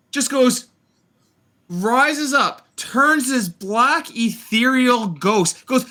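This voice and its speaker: A man hosting a casual review chat, retelling scenes in an animated, sarcastic way with swearing. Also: extremely high pitch, takes it slowly. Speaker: host reviewing a TV series.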